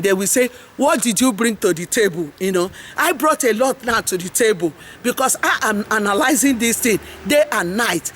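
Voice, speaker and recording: As a host championing farmers, a middle-aged woman with a Nigerian English accent and a slightly high voice gives a passionate, rambling talk full of preachy refrains. A faint hiss or hum runs through the audio.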